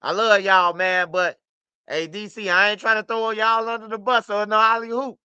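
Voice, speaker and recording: Male stream host, high and bright, profane and repetitive; dry, slightly muffled mic. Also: level tone, moderate pace, clear, resonant tone, no room sound. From United States. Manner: loose, profane, repetitive street talk. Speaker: livestream host. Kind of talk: casual livestream talk.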